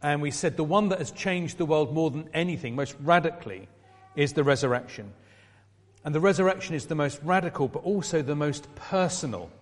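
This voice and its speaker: Man, middle-aged, sermon, slightly high voice, chatty asides, long church reverb. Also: animated, a little fast. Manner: conversational, asides to the congregation. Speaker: preacher.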